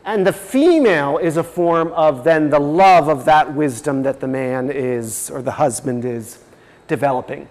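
A man's voice: fairly high pitch, unhurried, a little mellow, long reverb tail. A man giving a religious teaching talk, explaining step by step and reading passages aloud. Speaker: presenter.

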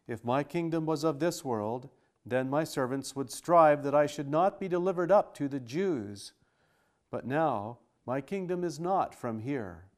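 Calm, solemn prisoner, read by a man. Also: fairly high pitch, lightly acted. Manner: measured, solemn archaic reading. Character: calm, solemn prisoner speaking of his kingdom.

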